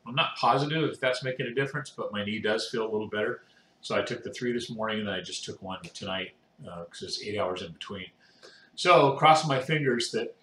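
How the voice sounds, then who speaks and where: A worn-out man talks in a loose, rambling way, full of "uh" and "you know." His voice sits fairly low. The sound bounces around the room with a noticeable echo. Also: a bit bright, a little hiss or hum. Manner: rambling, chatty, with filler words. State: exhausted and yawning. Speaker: video blogger with cancer. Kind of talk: casual chat to camera. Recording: roomy echo.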